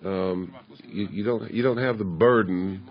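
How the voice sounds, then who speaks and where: A low-voiced man talks through a film commentary in a slow, halting way, trailing off and starting over. The recording is dull and muffled, with the top end rolled off. He sounds easygoing as he chats about the shoot. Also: slightly rough. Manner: halting, restarts often, drawls. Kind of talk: relaxed commentary chat.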